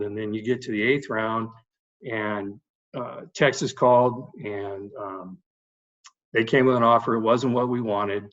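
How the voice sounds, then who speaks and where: Middle-aged man, baseball coach, casual storytelling, lowish voice, muffled lo-fi sound. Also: measured pace. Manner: animated anecdotes with fillers. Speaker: guest, baseball head coach.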